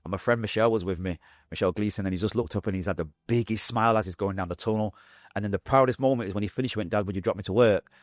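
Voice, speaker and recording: A man's voice: on the low side, dry recording, clean studio sound. A man in his forties with a Manchester accent, a podcast guest candidly telling his life story, acting out quoted voices. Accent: Mancunian English. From Manchester, England. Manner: fast, animated retelling with acted-out quotes.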